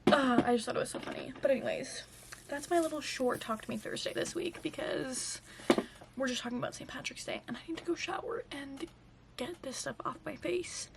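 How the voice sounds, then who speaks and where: Chatty high-voiced young woman vlogger. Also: fairly quick, gravelly, in a whisper. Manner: chatty, lots of fillers and "like". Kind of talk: casual storytime chat.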